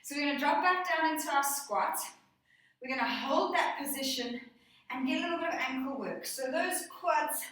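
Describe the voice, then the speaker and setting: A woman leading exercise counts reps and reminds people when to breathe, staying encouraging despite being a little out of breath. She speaks at a normal speed in a high, slightly bright voice. The recording comes from afar in an echoey space.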